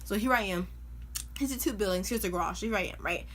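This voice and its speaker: A young woman vlogger telling a funny personal story in an animated, chatty way, full of "like" and "you know". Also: mid-range voice, fast, slight background noise. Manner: animated, chatty, filler-heavy with lots of "like". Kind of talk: casual storytime.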